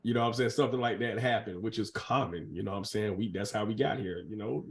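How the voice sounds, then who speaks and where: A man's voice: on the low side, fast talker, hardly any pauses, a little hiss or hum. Chatty, playful male interviewer. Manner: playful, chatty, animated asides. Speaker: podcast host, interviewer. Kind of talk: casual conversational interview.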